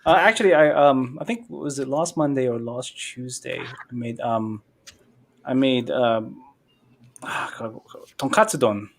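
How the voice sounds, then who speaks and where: A man hosting a casual livestream chat, rambling with many fillers and breaking into loud silly bits. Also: mid-range voice, unhurried, a little hiss or hum. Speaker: livestream host.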